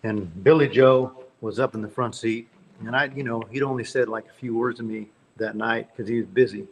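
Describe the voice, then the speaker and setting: A man's voice: medium pitch, steady tone, normal speed, slight background noise. A man, a country singer-songwriter guest, telling rambling folksy anecdotes in an interview. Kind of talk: storytelling interview.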